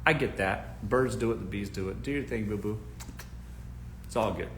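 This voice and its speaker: A man's voice: lowish voice, moderate pace, fairly bright tone, reverberant, slight background noise. A man hosting a live stream, giving blunt, joking dating advice straight to his listeners in casual talk.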